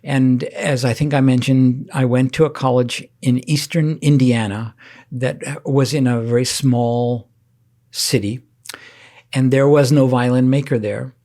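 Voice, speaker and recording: An older man as an interview guest, telling stories in a halting way, with many restarts and soft laughs. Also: mid-range voice, fairly even intonation. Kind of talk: casual storytelling interview.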